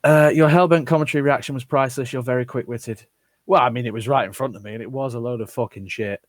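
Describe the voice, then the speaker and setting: A live-stream host reads viewers' comments aloud and answers them bluntly, swearing plenty in casual chat. His mid-range voice moves at a quick pace with fairly even intonation, and there's no room sound.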